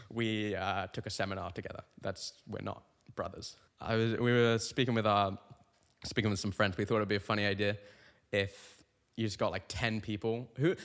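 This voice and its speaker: A young male stand-up comedian delivering a rambling, deadpan comic monologue that trails off and restarts mid-thought. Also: on the low side. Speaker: stand-up comedian, podcast host.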